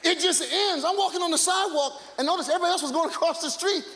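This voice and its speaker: Very high-voiced man ranting on stage. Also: racing. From United States. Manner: loud, exasperated ranting. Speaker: stand-up comedian. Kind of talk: stand-up comedy set. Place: comedy club stage, live audience. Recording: echoey live hall with crowd and noise.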